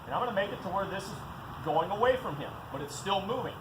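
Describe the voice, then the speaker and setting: A man demonstrating dog training outdoors, explaining drills and giving short commands and praise to his dog. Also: fast talker. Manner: instructive, breaks into high excited praise for the dog. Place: outdoors in a field. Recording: noisy outdoor recording.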